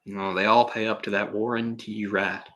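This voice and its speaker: A man's voice: on the low side, level tone, moderate pace, fairly bright tone. A young man giving casual, sarcastic live commentary on a film, exasperated and swearing at times. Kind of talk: solo live movie commentary.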